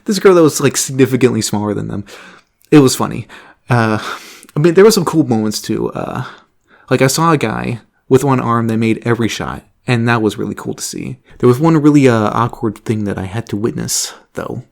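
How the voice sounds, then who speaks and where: A man's voice: mid-range voice, fairly quick, creaky. Young man telling a rambling story. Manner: animated, laughs often, swears casually. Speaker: vlogger. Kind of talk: casual storytelling.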